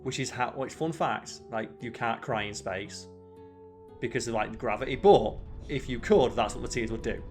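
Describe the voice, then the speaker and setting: Man, let's play host, casual rambling chatter with swearing, mid pitch, faint music bed. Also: moderate pace. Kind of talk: casual gaming chat.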